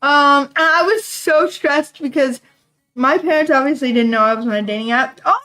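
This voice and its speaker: Young woman, high voice, casual rambling storyteller who talks fast and gets breathless. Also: pushed and bright, faint music behind, rough recording. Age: young adult. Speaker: vlogger.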